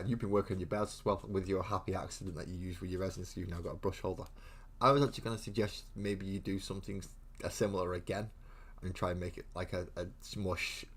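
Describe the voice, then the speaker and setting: A man's voice: deep voice, a little hiss or hum. A man hosting a live miniature-painting stream, chatting casually and thinking aloud with frequent restarts, in a home hobby room.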